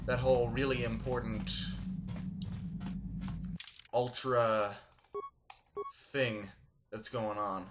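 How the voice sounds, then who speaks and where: A man's voice: medium pitch, steady tone, extremely slow, pauses often, lo-fi sound, heavy background noise. A man doing casual, sarcastic, rambling commentary as the host of a game let's play. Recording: game music playing behind.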